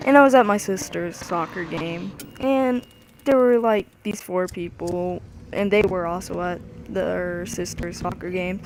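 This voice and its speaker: A male speaker casually telling a rambling, animated story about his childhood while someone plays a video game. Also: sits high, measured pace, a little hiss or hum. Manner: rambling, animated, with lots of "anywho". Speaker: storyteller over gameplay.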